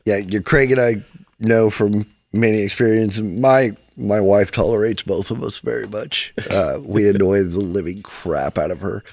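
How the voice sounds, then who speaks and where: A man's voice: on the low side, fairly even intonation, normal speed, vocal fry, a little mellow, no echo. A man, a comedian guest, talking in casual podcast chat with a self-deprecating, chuckling manner. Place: small hot studio.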